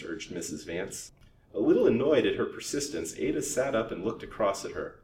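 A man reading a storybook aloud as the storyteller, in a measured, lilting way, heard in a roomy, distant recording with a faint rumble. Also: sing-song, a little mellow.

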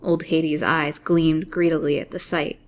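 A woman reading a chapter of an old serialized novel aloud, in a measured storyteller's manner. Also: low voice, level tone.

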